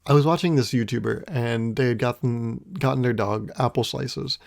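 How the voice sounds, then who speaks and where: A man's voice: mid-range voice, moderate pace, creaky. A man hosting his own podcast, musing in a wry, rambling way, swearing casually and chuckling often. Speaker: podcast host. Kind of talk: casual solo podcast monologue.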